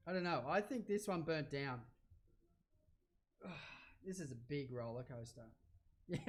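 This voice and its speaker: Chatty Australian chef, voice pitched a bit high. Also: male voice. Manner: rambling and chatty, easily excited, gets loud. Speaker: chef hosting a cooking livestream. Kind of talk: casual cooking chat livestream.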